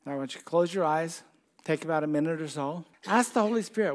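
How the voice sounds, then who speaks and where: An older man preaching a sermon in a conversational, folksy way, with slow, dramatic scripture readings. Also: fairly high pitch.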